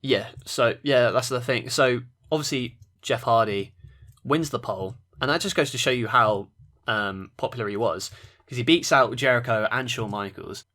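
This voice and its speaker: A man's voice: mid-range voice, moderate pace. Guy co-hosting a podcast, laid back, rambly, lots of ums. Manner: relaxed, rambling, with fillers and laughs. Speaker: podcast co-host. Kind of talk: casual wrestling review chat.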